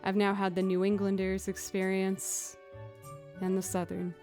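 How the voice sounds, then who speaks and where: A chatty young woman from the Boston area with a Boston accent, talking casually to her livestream viewers. Her voice sits at a middle pitch, and she rambles along with lots of likes and you-knows. Faint music plays behind her. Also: unhurried. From Boston area, USA. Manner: chatty and animated, full of likes and you-knows, acts out her own excited quotes.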